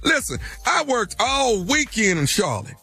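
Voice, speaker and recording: A man's voice: very high-pitched, very animated, pushed and bright, husky, soft background music. A radio co-host in playful morning show banter, teasing and promoting his shows. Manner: playful, boastful, drawn-out.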